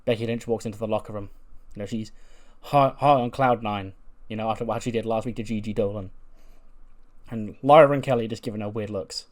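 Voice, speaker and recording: A man's voice: fairly low pitch, steady tone, a little fast. A man casually narrating a wrestling simulation playthrough, chatty and full of fillers. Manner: chatty, filler-heavy, laughs now and then. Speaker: game narrator.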